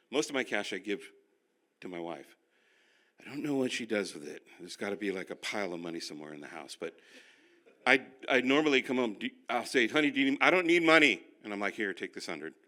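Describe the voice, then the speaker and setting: An older male pastor teaching a finance class, telling animated, self-deprecating stories. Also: on the low side. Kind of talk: sermon-style finance class.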